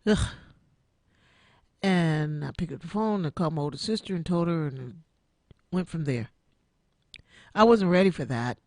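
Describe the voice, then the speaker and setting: A woman's voice: deep voice, animated, moderate pace, long pauses, a little mellow, no echo, studio quality. A woman in her sixties hosting an online radio show, giving an emotional personal testimony and repeating her phrases like a preacher. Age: 60s. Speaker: internet radio show host.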